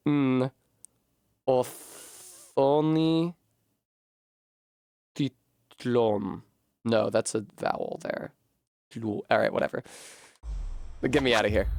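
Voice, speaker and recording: A man's voice: mid-range voice, dry recording, clean studio sound. A man streaming a video game, chatting casually, thinking aloud as he sounds out foreign words and swearing freely. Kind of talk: casual live-stream gaming commentary.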